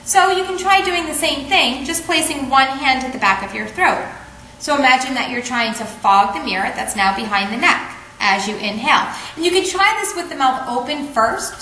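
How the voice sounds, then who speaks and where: A woman teaching a yoga breathing technique in a calm, patient way, often checking in with "okay?". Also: high voice, moderate pace, slight background noise. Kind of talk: instructional explanation. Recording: echoey room, faint ambience.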